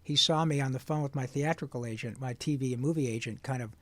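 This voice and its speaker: A man in his sixties, a voice actor telling lively stories in an interview. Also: mid-range voice, fast talker, no room sound. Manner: lively, breaks into sung lines and quoted voices. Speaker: guest voice actor. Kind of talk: animated interview storytelling.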